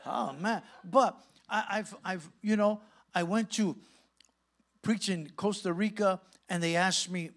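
A middle-aged man from California, a guest pastor telling a lively testimony in a sermon and acting out the dialogue. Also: high-pitched, measured pace. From Santa Ana, California. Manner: animated storyteller acting out dialogue.

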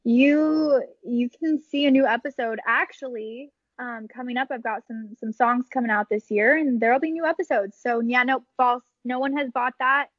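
A young woman from Michigan chats as a guest, rambling and giggling between her thoughts. Her voice sits a little high. The sound is dry and slightly muffled, like a lo-fi remote recording. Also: moderate pace, hardly any pauses, no echo. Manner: chatty, giggly, rambling with many fillers. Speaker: guest musician. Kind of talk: casual podcast chat.

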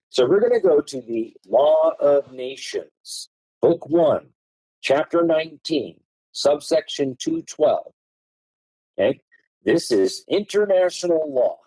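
A man's voice: a little high, warm tone, breathy edge, no room sound, poor audio. A man explaining law as a podcast guest, reading passages aloud and hammering key words with strong emphasis.

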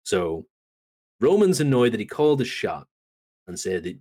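A man on a podcast casually recapping a wrestling show, telling it as a lively story and acting out the lines. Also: mid-range voice, normal speed, husky. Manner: animated storytelling, acts out quotes. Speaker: podcast co-host.

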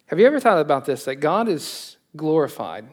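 Male Texan pastor, fairly high voice, casual joking sermon delivery with punchy rhetorical questions. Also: fairly quick. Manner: conversational, joking, laughs often, animated emphasis.

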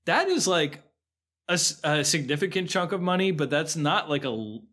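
A man's voice: fairly high pitch, big pitch swings, normal speed, fairly bright tone. A man co-hosting a podcast, chatting casually about a film and thinking aloud with restarts and fillers. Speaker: podcast co-host.

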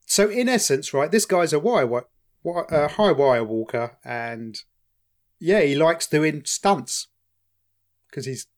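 A man with an East London accent, co-hosting a podcast in casual chat, telling stories in an animated, jokey way with some swearing. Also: a little high, slow pace. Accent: London English. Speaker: podcast co-host.

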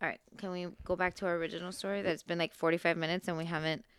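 A woman's voice: lowish voice, flat delivery, rapid-fire, smooth. A young woman co-hosting a podcast, teasing her partner in casual banter and laughing often. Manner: laughing, teasing, pushes to move on. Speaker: podcast co-host.

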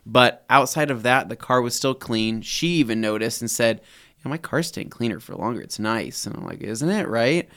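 A man co-hosting a podcast, telling stories in a rambling, animated way with lots of fillers. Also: medium pitch, moderate pace. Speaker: podcast co-host. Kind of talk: casual chat.

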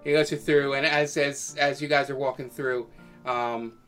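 A man narrating as game master in a tabletop game, hesitant with many pauses. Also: mid-range voice, fairly even intonation, fairly bright tone, clear, resonant tone, soft background music.

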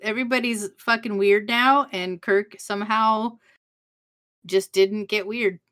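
A woman's voice: medium pitch, fairly even intonation, unhurried, fairly bright tone, no echo. A woman co-hosting a casual podcast, recapping a TV episode with blunt, sweary remarks and dry agreement. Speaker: podcast co-host.

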